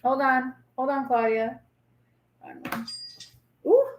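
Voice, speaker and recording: A woman's voice: high voice, moderate pace, a bit bright, roomy sound. A woman in her forties hosting a casual live tarot reading, chatty, blunt and reassuring as she talks straight to viewers.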